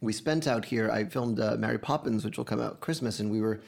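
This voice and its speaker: Guy with a gravelly voice telling stories at brunch in a home kitchen, really animated. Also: on the low side, fairly quick. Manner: animated storyteller. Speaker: guest. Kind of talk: casual chat over brunch. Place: house kitchen.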